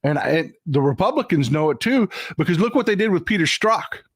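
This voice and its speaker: An older man talks straight into a close, dry mic on his own livestream. His voice sits a bit on the high side, and he speaks plainly and profanely, stopping now and then to read out and thank viewer comments. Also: expressive, fairly quick, breathy edge, no echo. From Texas. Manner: blunt, profane, reads viewer comments aloud. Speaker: livestream host.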